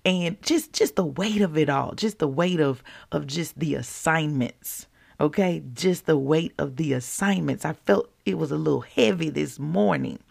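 Woman, devotional speaker; low, heavily creaky voice, emotional and heartfelt, talks straight to her listeners. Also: measured pace, a little mellow. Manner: emotional, earnest, repeats phrases, addresses listeners as y'all. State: teary, close to crying. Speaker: Christian speaker sharing a devotional. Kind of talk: informal devotional talk.

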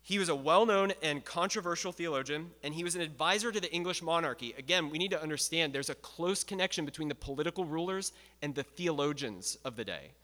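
A man's voice: a little high, animated, quick pace, hardly any pauses, pushed and bright. A man teaching church history in a casual, conversational way, asking his listeners questions as he goes. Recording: long hall reverb.

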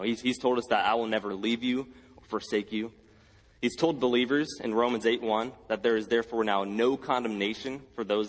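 Man, pastor, sermon, earnest, repeats phrases, slightly raspy. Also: mid-range voice, long reverb tail, poor audio. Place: church sanctuary.

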